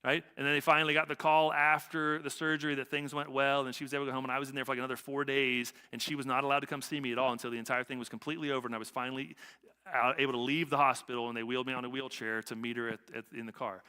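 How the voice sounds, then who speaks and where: A man's voice: mid-range voice, little pitch movement, rapid-fire, bright, forceful tone, smooth. A middle-aged male pastor preaching a conversational sermon, often repeating himself and asking "right?". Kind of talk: sermon with personal story. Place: church sanctuary. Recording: long church reverb.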